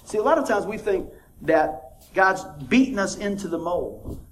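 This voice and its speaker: A man's voice: high-pitched, lively intonation, normal speed, low-quality recording. A man preaching a conversational sermon as a pastor, who keeps asking the congregation for amens and chuckles at his own jokes.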